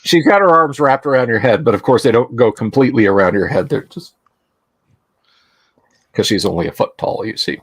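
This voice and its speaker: A man narrating a tabletop game as game master, describing scenes deliberately with some restarts. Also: mid-range voice, animated, husky.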